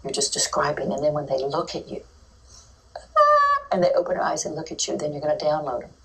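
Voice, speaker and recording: Brief: deep-voiced woman educator, chatty talk recorded from across the room. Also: brisk, recorded from a distance, poor audio. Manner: lively, acts out children's and teachers' voices. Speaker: early childhood educator giving a talk. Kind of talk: informal teaching talk.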